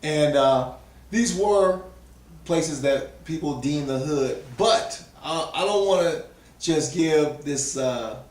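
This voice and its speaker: In a casual interview, this Southern California man talks about being a pigeon fancier with earnest emphasis. He speaks slowly in a slightly high, a little mellow voice, recorded echoey and far from the mic.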